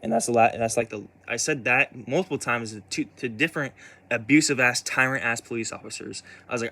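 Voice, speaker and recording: A man's voice: medium pitch, a little fast, gravelly, pushed and bright. A young man telling a personal story in a casual way. He stumbles, restarts and repeats himself often, swears, and sounds upset. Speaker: vlogger.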